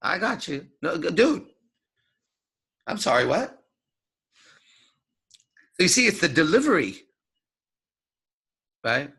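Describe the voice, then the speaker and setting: A man's voice: on the high side, sing-song, slow, gravelly, pauses often, bright, forceful tone, husky. A man giving an unscripted lecture as a dating coach, talking in a swaggering, profane, emphatic way.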